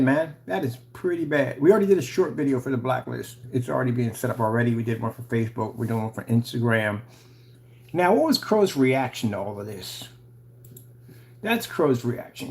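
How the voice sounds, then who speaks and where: Man ranting, mocking and animated. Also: fairly high pitch. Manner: heated, mocking and sarcastic. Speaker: channel host. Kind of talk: ranting commentary video.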